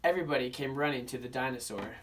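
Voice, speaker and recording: A young man, a student, narrating a children's picture book aloud for an oral interpretation class in a steady storybook manner. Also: mid-range voice, quick pace, recorded from a distance, slight background noise. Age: young adult. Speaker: student reader.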